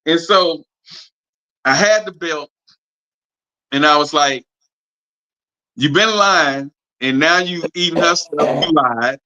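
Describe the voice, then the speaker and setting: Animated storytelling man, lo-fi stream audio. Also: on the high side, slow, long pauses. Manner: animated, acts out quoted voices; drawling, repetitive "I say" storytelling. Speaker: podcast host. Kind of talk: casual storytelling chat.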